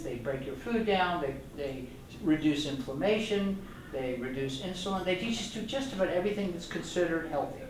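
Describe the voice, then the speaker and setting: A man's voice: on the high side, a little mellow, slight background noise. Older man, retired doctor, rambling enthusiastic talk, audience jokes, very echoey room, distant mic. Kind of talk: informal lecture to a club audience. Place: meeting room.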